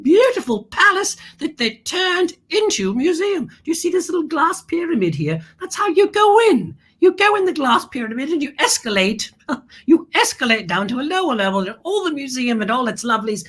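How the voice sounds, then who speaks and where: A gushing, glamorous darling-saying hostess. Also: female voice, high-pitched, sing-song, moderate pace, a bit bright. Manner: flamboyant, calls everyone darling. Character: grand, gushing, glamorous lady show host. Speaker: host. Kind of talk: theatrical kids' show hosting.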